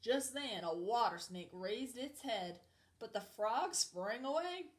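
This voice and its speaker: A woman's voice: fairly high pitch, animated, slow pace. A woman reading a picture book aloud in a put-on Southern US accent, chatty and friendly. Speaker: storybook reader.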